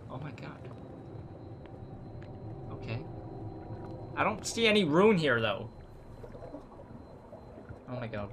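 A man commentating a horror game as he plays, jumpy and swearing, shouting when scared. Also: a little high, a little hiss or hum. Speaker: gaming video creator.

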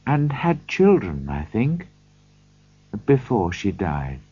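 A man voicing a solemn old male Christmas spirit who speaks low and measured. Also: wildly swooping pitch, warm tone, slightly rough, highs cut off, heavily acted.

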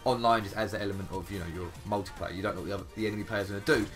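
A young man with an English accent giving casual, chatty commentary over game clips, swearing freely and handing out quick praise. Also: lowish voice, steady tone. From England. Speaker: gaming YouTuber. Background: background music.

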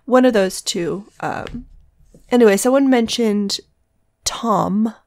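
A young woman recording a casual vlog voice-over in the early morning, her voice still groggy from sleep. She keeps it soft so she won't wake the rest of the house, and she rambles and corrects herself as she goes. The sound is dry and close, with almost no room echo. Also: fairly high pitch, slow. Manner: speaks softly to avoid waking the household. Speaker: planner vlogger. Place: separate room at home.

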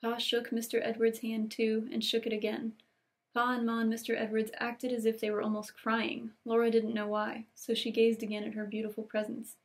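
Woman, young adult, book host reading aloud; slightly high, gravelly, gentle and unhurried. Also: monotone. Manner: gentle, unhurried reading, lingering on cozy details. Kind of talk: storybook read-aloud with casual asides.

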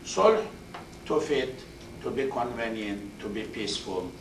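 Man teaching quran, repeats words, roomy hall echo, far from mic. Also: fairly low pitch. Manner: explains word by word, repeats terms, recites Arabic verb forms quickly. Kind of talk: classroom tafsir lecture. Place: mosque classroom. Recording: roomy echo, distant mic, faint hiss.

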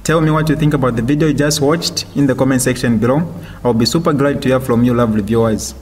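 A man with a Zambian accent, the channel host, giving a brisk, upbeat outro. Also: mid-range voice, darkish tone.

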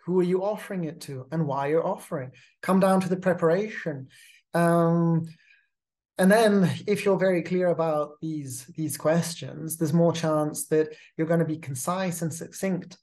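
A host giving a measured, advisory talk on pitching, often repeating words as they restart a phrase. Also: darkish tone. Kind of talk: instructional monologue.

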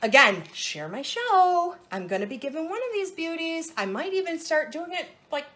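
A woman's voice: very high-pitched, big pitch swings, moderate pace, fairly bright tone, a little hiss or hum. A woman hosting a casual live jewelry sales show, bubbly and playful, gushing over each piece.

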